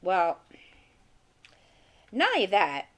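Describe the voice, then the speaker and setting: A woman's voice: mid-range voice, huge pitch swings, very slow, a bit bright. A middle-aged woman chatting casually at home while crafting, rambling and talking to herself as she works. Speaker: channel host. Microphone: desk mic.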